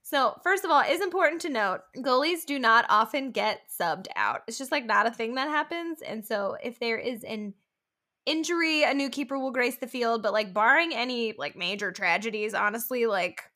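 A woman's voice: fairly high pitch, expressive, moderate pace, bright, forceful tone. A young woman co-hosting a podcast, chatting casually about a soccer match, swearing and laughing often. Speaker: podcast co-host. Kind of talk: casual sports chat.

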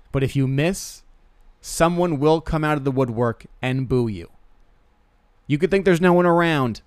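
A young man talking off the cuff in a comic monologue, mid-pitched and recorded dry and close. He rambles and restarts his sentences, and he pokes fun at himself as he goes. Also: smooth, dry recording. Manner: rambling, self-deprecating, stammering restarts. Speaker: podcast host. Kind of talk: casual comedic monologue.

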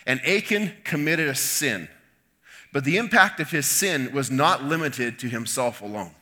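Preacher guy telling a bible story, pretty bright sharp voice, lively. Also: mid-range voice, a little slow. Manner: animated storytelling with asides to the audience. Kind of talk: sermon.

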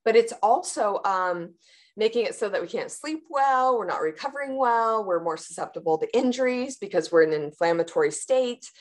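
Woman, trauma therapist guest, animated explainer who gasps out panicked inner voices. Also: mid-range voice, normal speed. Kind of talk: explanatory interview answer.

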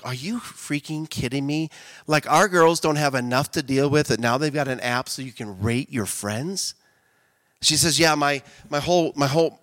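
Bright-voiced man giving a lively sermon. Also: medium pitch, dry recording. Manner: conversational, bursts into loud impassioned shouting. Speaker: speaker at a women's event.

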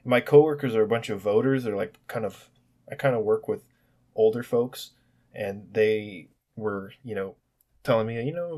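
A man's voice: lowish voice, normal speed, darkish tone. A young man ranting alone on his podcast, sarcastic and profane, rambling with restarts. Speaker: podcast host. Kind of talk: solo podcast rant.

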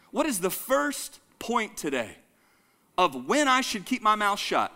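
Male pastor, lively sermon delivery with call-and-response, high and bright. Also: a little slow. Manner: animated, calls the congregation to repeat lines; jokes and laughs with the audience.

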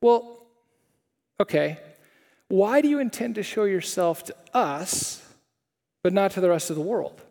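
A man's voice: high voice, lively intonation, unhurried, gravelly, pauses often, darkish tone, big-room sound, exaggerated voice. A man voicing a puzzled male disciple who asks baffled questions.

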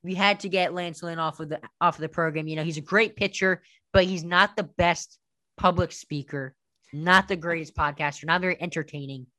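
A man co-hosting a casual sports podcast, animated and heavy on statistics. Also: on the high side, brisk, no room sound. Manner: stat-heavy, animated, jokingly does an impression. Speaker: podcast co-host.

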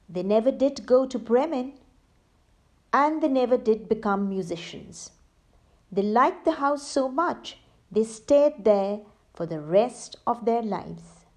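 A woman reading a children's story aloud in a slow, expressive way and talking to young listeners. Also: a little high. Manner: slow, expressive, sing-song.

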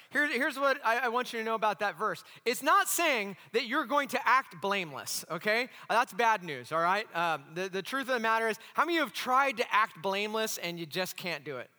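Man, pastor, animated sermon, rhetorical questions, bright tone, church hall echo. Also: high-pitched, brisk.

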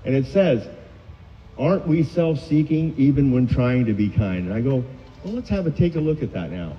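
A man's voice: mid-range voice, animated, normal speed. A middle-aged man speaking at a recovery meeting, sharing his story in a candid, self-mocking way. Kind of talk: personal recovery story share. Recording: dull, echoey hall sound.

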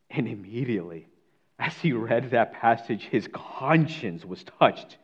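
Reading scripture and telling a story, this preacher alternates between forceful declaiming and soft, almost whispered moments. His somewhat low, husky voice has lively intonation and a moderate pace, though the recording is muffled.

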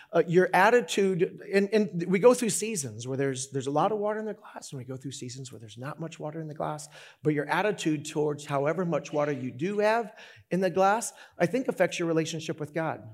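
A man preaching a sermon as pastor, talking in an animated, conversational way with many restarts. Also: on the high side.

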